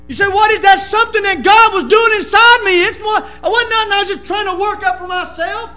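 Man preaching, very high and bright tone, shouts at the peaks, music faint behind. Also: fairly quick, reverberant. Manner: impassioned, often shouting. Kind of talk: sermon.

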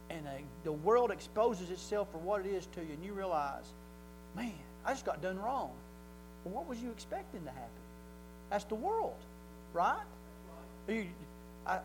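A man's voice: high voice, background noise. Folksy preacher man, fervent. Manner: folksy and conversational, building to loud fervent emphasis. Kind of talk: sermon. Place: church.

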